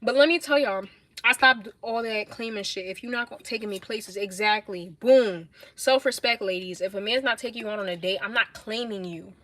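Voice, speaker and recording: A young woman with a New York accent, livestreaming and telling blunt, animated stories in casual chat. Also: mid-range voice, normal speed, no echo. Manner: blunt, animated, swears a lot.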